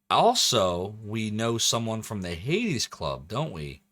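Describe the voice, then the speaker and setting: A man's voice: on the low side, sing-song, slow pace, few pauses, fairly bright tone, dry recording. A man casually commentating as he streams a video game, thinking aloud and joking as he plays. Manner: chatty, thinks aloud, jokey.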